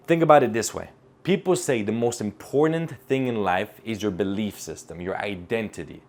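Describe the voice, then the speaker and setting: Speaking to camera in a voice on the low side, a male speaking coach gives a high-energy motivational talk, stressing his points and firing off rhetorical questions.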